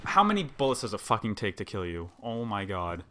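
Loud gunfire and a game announcer pile on top of this gamer's voice, and the background noise is heavy. He sounds lowish, very animated, and brisk as he rages and swears through frustrated commentary on his play.

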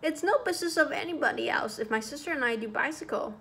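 A woman's voice: high-pitched, expressive, quick pace, gravelly, a bit bright, heavily acted. Woman reading as a blunt young teacher, curt, cold, sulky, clipped. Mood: angry.

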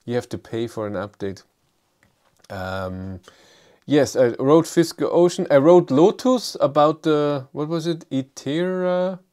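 A middle-aged man with a German accent hosting a live stream. He answers viewer comments in a casual, halting way, with many fillers and restarts, and reads chat questions aloud. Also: fairly high pitch, dark tone. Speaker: livestream host.

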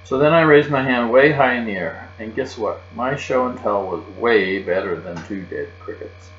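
A man reading a children's chapter book aloud, expressive and lively in a child's first-person voice. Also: medium pitch, normal speed. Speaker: reader. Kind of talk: storybook read-aloud. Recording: muffled, roomy recording with mains hum.

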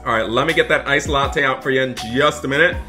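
A man doing upbeat game role-play commentary as a barista, excitable and talking to viewers as guys. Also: mid-range voice, quick pace, soft background music. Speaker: gaming YouTuber playing a barista.

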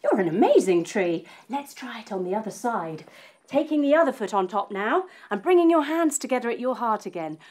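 A woman's voice: a little high, sing-song, brisk, a little mellow. A woman leading a children's yoga lesson as a story, playful and encouraging. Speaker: kids yoga teacher.

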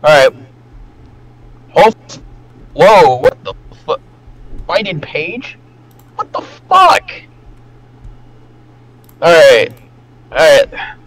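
A man hosting a casual reaction video over voice chat, excitable and swearing often with loud outbursts. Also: fairly high pitch, drawn-out words, long pauses, poor audio.

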